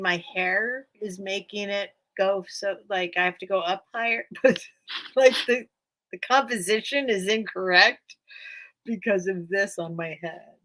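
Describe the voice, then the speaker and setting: A woman's voice: mid-range voice, a bit bright. A woman hosting a casual live-stream sale from home, chatty and rambling, often thanking her viewers.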